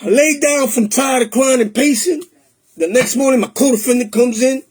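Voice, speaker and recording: Husky-voiced man telling his testimony. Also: extremely high pitch, moderate pace, darkish tone. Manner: emotional, streetwise, mixes Spanish into English. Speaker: testimony speaker. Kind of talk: personal testimony storytelling.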